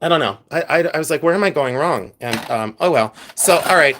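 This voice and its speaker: A man talks casually on a live stream, chatting with viewers and answering their comments as they come in. His humor is playful and self-mocking, and his voice sits a little high for a man. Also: fairly quick, noisy background. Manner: chatty, animated, reads and answers chat. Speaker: livestream host sorting jewelry.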